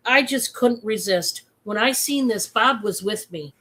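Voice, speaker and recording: A woman hosting a casual live-stream sale, chatty and excitable, with many fillers. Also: medium pitch, measured pace, few pauses.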